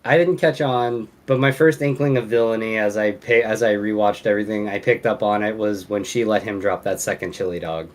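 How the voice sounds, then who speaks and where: A man's voice: on the low side, fairly even intonation, fairly quick, hardly any pauses. A man co-hosting a casual game review chat, adding brief, dry remarks.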